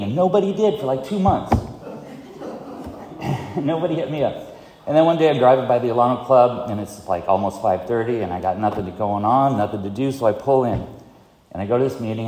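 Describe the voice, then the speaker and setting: A man's voice: mid-range voice, a little fast, mellow, roomy sound, long reverb tail. A middle-aged man giving a candid, self-mocking personal testimony at a recovery meeting, chuckling often as he talks. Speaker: speaker sharing at a recovery meeting.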